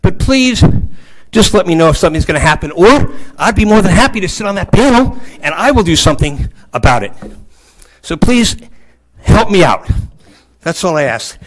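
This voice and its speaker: A man speaking in a fairly high voice as he pleads with a city council. He is emotional and earnest, repeating his appeals for help over and over. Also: sing-song, normal speed, low-quality recording. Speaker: resident giving public comment. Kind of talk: public comment at a council meeting. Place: council chamber.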